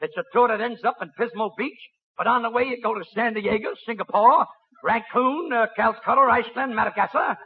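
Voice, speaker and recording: A man's voice: extremely high pitch, a little fast, slightly rough. A man hosting a 1940s radio comedy show, wisecracking and laughing at his own jokes. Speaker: host. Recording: tinny old radio broadcast with hiss.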